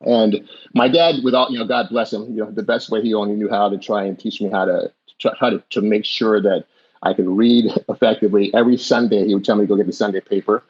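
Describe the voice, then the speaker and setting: A man's voice: fairly low pitch, steady tone, fast, a little mellow, slightly rough. A middle-aged man who was born in the US and raised in Jamaica, telling his life story as a podcast guest in a reflective, rambling way with many restarts. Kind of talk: candid storytelling in a conversation. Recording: dull lo-fi audio.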